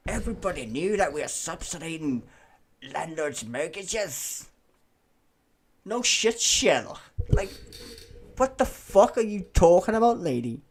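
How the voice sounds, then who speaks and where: A man's voice: high-pitched, sing-song, measured pace, a little hiss or hum. A man live-streaming, ranting sarcastically and swearing as he reacts to a clip.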